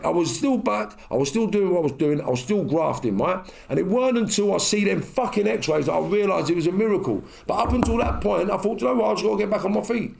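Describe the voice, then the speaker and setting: A podcast host tells his stories bluntly and hammers his points home. His voice sits high and has a gravelly edge. He talks fast. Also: a little hiss or hum. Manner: animated, streetwise and emphatic, repeating his points. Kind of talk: candid storytelling in a casual podcast chat.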